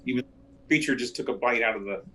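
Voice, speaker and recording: Man, player, methodical questioner, middle pitch. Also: quick pace, a bit bright, poor audio. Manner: methodical, asks pointed questions. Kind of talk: casual tabletop play.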